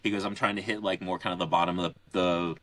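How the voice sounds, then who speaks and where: Low-voiced man rambling in casual podcast chat. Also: level tone, fast, fairly bright tone, no room sound. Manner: rambling, filler-heavy storytelling. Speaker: podcast co-host.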